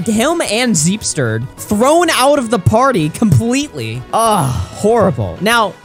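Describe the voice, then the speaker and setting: A young man hosting a casual podcast, animated and swearing freely as he reacts. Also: high voice, unhurried, faint music behind. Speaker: podcast host.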